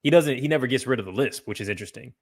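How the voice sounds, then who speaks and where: A man with a mid-range voice hosts a livestream podcast, talking rapid-fire. His casual delivery is loose, profane, and rambling, with frequent restarts.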